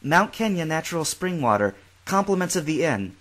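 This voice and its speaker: A man's voice: fairly high pitch, very animated, normal speed, a bit bright, pitched above the performer's own voice. A man voicing a serious young woman working as an inn receptionist, polite but with a strange edge. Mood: uneasy.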